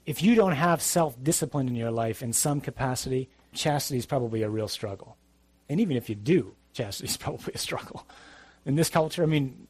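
A man's voice: fairly high pitch, darkish tone, no echo. A middle-aged man, a priest, giving a conversational, emphatic sermon with asides.

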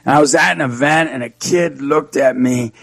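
A man, a youth speaker, telling an animated story as an interview guest, acting out the voices of the people in it. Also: normal speed, gravelly, no room sound. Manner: energetic, acts out quoted dialogue with big pitch swings.

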